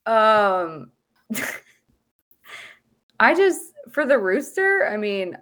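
A woman co-hosting a relaxed podcast, her slightly high voice swinging widely as she talks. She speaks slowly and giggles constantly, laughing her way through nearly every sentence. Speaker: podcast co-host. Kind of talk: casual chat.

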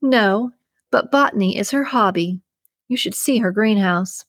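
A woman voicing an excitable, determined young female detective who insists she is right. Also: medium pitch, a little slow, no room sound, clean studio sound, lightly acted. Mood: eager. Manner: eager and insistent.

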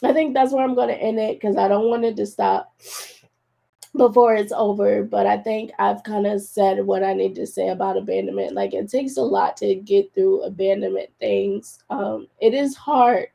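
A woman on a solo podcast cries while casually cheering on her listeners, calling them "y'all." Her voice is medium-pitched, creaky, and dark, with a steady tone and moderate pace, and she's clearly emotional.

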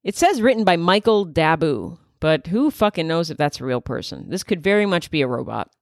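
A woman's voice: low-pitched, big pitch swings, fairly quick, no room sound. Wry woman comedian with a dry sound. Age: 30s. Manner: wry, candid, riffing with asides. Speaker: comedian and podcast host. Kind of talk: casual comedic monologue.

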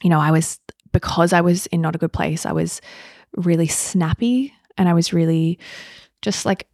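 A woman hosting a podcast, telling a personal story in a candid, reflective way with soft fillers. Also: fairly low pitch, fairly even intonation, normal speed, creaky, no room sound, studio quality. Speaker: podcast host.

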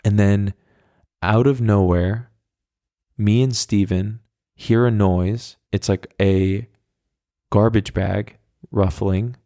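A man's voice: on the low side, steady tone, slow pace, pauses often, mellow, no room sound, clean studio sound. A young man in his twenties hosting a podcast, telling a long story in a rambling, wry way with plenty of swearing. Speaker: podcast host. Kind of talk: casual storytelling monologue.

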